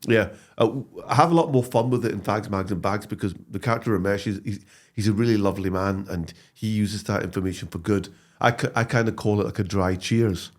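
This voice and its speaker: A man, a comedy actor talking as a guest in a casual interview, animated and prone to restarts. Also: on the low side, fairly quick. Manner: animated storytelling with frequent restarts.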